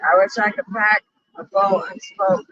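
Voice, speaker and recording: A woman's voice: mid-range voice, huge pitch swings, measured pace, a bit bright, dull audio. A woman vlogging in casual chat while driving an RV, blunt and profane. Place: inside a small RV on the road.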